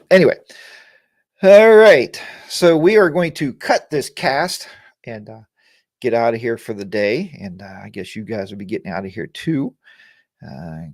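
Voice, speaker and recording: A man's voice: medium pitch, no echo, clean studio sound. A man hosting a casual motorcycle live chat, getting worked up and ranting while answering viewers by name. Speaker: live chat show host.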